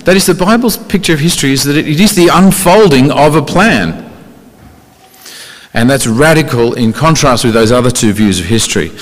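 Male preacher, conversational sermon delivery, rhetorical questions, mid pitch, hall reverb. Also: expressive, a little fast.

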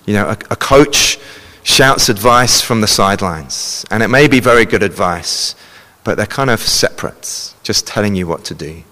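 A man's voice: on the low side, animated, normal speed, bright, forceful tone, big-room sound. A man preaching a sermon, earnestly explaining and reading scripture passages aloud to a congregation.

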